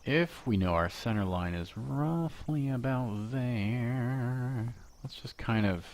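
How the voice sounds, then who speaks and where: A man teaching a casual software lesson from home, chatting and joking while he works and talking to himself as he goes. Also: mid-range voice, slow, a little hiss or hum.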